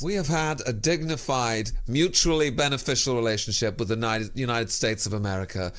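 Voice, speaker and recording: A man performs a sarcastic comedic rant straight to camera. His voice swings between hushed, almost whispered asides and sudden loud outbursts. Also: medium pitch, brisk, few pauses. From England.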